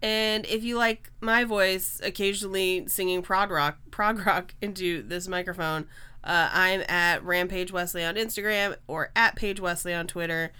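Bright-voiced podcast co-host, joking. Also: male voice, high-pitched, steady tone, moderate pace, smooth. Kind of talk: casual chat.

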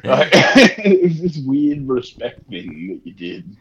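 A man's voice: medium pitch, sing-song, slow pace, creaky, a crowd in the background. A man co-hosting a casual podcast, laid-back and rambling, often laughing. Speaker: podcast co-host. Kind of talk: casual chat. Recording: dull lo-fi sound.

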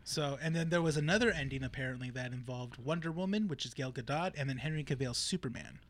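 A man's voice: medium pitch, quick pace. A man co-hosting a podcast in casual chat, easygoing and agreeable, often saying yeah. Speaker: podcast co-host.

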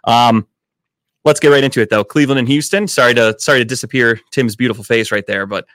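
A man's voice: medium pitch, fairly even intonation, quick pace, a bit bright, dry recording. A man hosting a casual sports podcast in a studio, joking and swearing as he talks football. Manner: loose, profane, joking. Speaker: podcast host.

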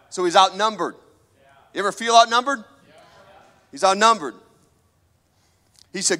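A man's voice: high-pitched, animated, a little fast, pauses often, sharp tone, in a large hall. A man preaching a sermon, emphatic and full of questions put to the audience.

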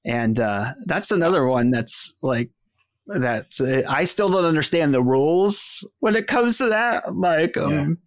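A man in casual podcast chat, hesitant and full of fillers, cracking jokes between halting thoughts. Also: a little high, animated, no echo, clean studio sound. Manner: hesitant, heavy fillers, jokey. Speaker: podcast guest, content creator.

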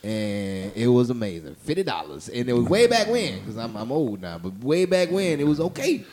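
A man's voice: mid-range voice, moderate pace. A young adult man, a comedian, telling a story in casual chat and acting out the voices of the people in it. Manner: animated, acts out voices while telling stories.

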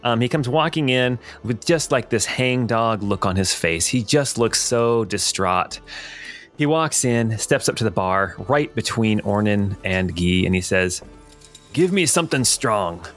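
A man narrating a tabletop game as game master, hesitant with fillers and quick to laugh. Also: on the low side, a bit bright, faint music behind.

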